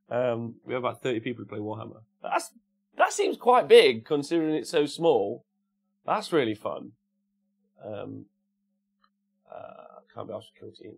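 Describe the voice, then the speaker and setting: Gravelly English Midlands man reading chat. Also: mid-range voice, sing-song, moderate pace, pauses often. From Cannock, England. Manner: reads out chat messages and answers them with jokes. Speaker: livestream host answering chat. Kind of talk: casual chat.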